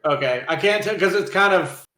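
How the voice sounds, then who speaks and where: A hesitant man with a slightly high voice thinks aloud as he plays a tabletop game, trailing off and starting again. The sound is roomy and echoey. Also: normal speed, bright, forceful tone. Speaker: player. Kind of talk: casual tabletop gaming chat. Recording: echoey room.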